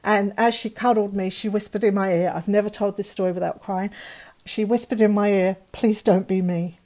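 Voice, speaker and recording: A woman's voice: mid-range voice, fairly even intonation, fairly quick, a little mellow. A middle-aged woman, a guest telling a painful personal story candidly and acting out the dialogue of others.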